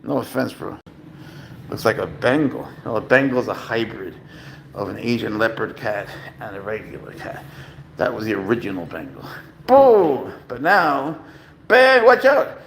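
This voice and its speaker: A man chatting casually to viewers at home as a cat-owning vlogger, rambling and profane with sudden loud exclamations. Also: lowish voice, normal speed, creaky, a little hiss or hum.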